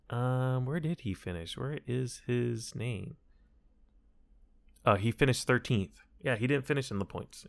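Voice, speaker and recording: A man's voice: mid-range voice, fairly bright tone. A man talking casually to his audience about a motor race, rambling and correcting himself as he goes. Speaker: solo racing commentator. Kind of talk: casual chat.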